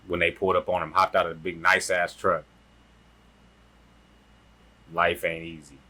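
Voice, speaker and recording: A man's voice: deep voice, level tone, normal speed, pushed and bright. A man hosting a reaction video, giving blunt, profane casual commentary and laughing at the footage.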